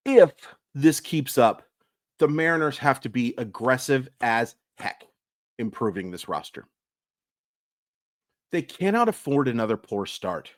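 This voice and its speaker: A man's voice: mid-range voice, sing-song, a little slow, pauses often, a bit bright, no room sound, studio quality. A man hosting a daily baseball recap channel, venting with exasperated emphasis. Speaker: sports YouTuber.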